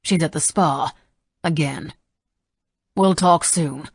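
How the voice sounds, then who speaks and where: Woman narrator voicing a dismissive male politician, curt, low husky-rough tone. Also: takes it slowly, no echo, exaggerated voice. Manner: dry, clipped. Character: curt middle-aged male senator, dry and dismissive.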